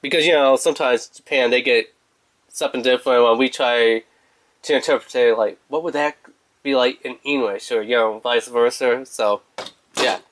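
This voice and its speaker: A man's voice: medium pitch, normal speed, a bit bright. A man casually reviewing a toy in a rambling, playful, chatty way.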